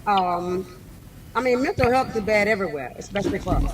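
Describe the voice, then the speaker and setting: High-voiced guy on a video call, blunt and cussing, noisy line. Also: lively intonation, a little fast. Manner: blunt, outspoken, profane. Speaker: therapist guest. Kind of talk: casual interview. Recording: noisy remote call audio.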